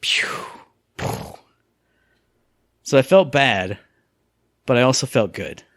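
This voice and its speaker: A man co-hosting a casual gaming podcast, telling stories with lively acted-out quotes and sound effects. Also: medium pitch, moderate pace, dry recording, clean studio sound. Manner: animated storyteller, acts out quotes and sound effects. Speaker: podcast co-host.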